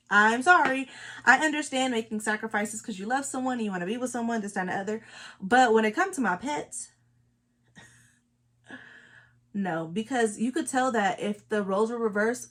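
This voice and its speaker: A woman from Los Angeles, a beauty vlogger chatting casually while doing her makeup, emphatic and repeating her points. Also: a little high. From Los Angeles, California.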